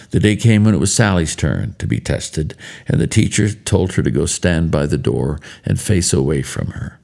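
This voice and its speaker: A man in later life giving a spoken devotional, telling stories in a measured, earnest way. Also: deep voice, gravelly, darkish tone. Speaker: devotional speaker.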